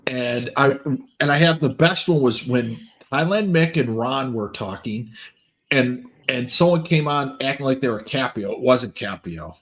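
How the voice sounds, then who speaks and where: A man's voice: mid-range voice, lively intonation, measured pace, a bit bright. A man in casual chat, rambling through a story with repeated words and frequent laughs. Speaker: stream co-host.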